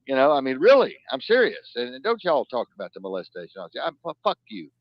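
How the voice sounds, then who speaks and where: A man hosting a live-stream news talk show, ranting in profane outbursts that swing from loud to low muttering. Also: wildly swooping pitch, fast talker, no echo. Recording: dull lo-fi dry sound.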